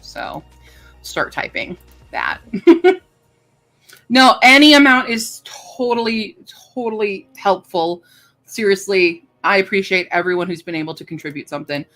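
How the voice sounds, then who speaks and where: A woman livestreamer chatting casually with her viewers, rambling and filling pauses with lots of ums and uhs. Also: mid-range voice, animated, a bit bright, faint music behind. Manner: chatty and rambling, with many fillers. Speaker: livestreamer greeting chat. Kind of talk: casual live-stream chat.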